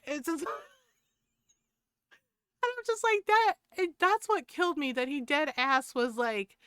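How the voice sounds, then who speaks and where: A woman's voice: sits high, measured pace, dry recording, studio quality. A woman streamer chatting casually while gaming, telling stories with lots of laughter and swearing. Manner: animated storyteller, swears freely, laughs often.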